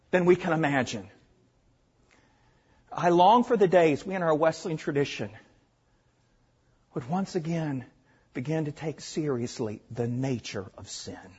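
An older man with a Southern accent, from Arkansas, preaching a sermon, stressing points loudly and then dropping to hushed asides. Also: a little high, expressive, measured pace, husky, highs cut off. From Arkansas, USA. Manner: emphatic, swings between loud stresses and hushed asides.

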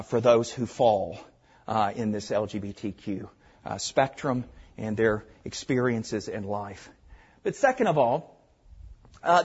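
An older man with a Southern accent, from Arkansas, preaching a sermon, stressing points loudly and then dropping to hushed asides. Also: medium pitch, slightly rough, muffled recording. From Arkansas, USA. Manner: emphatic, swings between loud stresses and hushed asides.

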